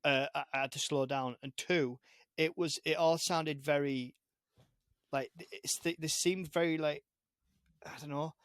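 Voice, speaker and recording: British guy teasing his host on a video call, a bit high-pitched, dry close sound. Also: fairly even intonation, unhurried, fairly bright tone, no room sound. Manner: teasing, chatty, with stumbling restarts. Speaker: podcast guest. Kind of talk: casual chat.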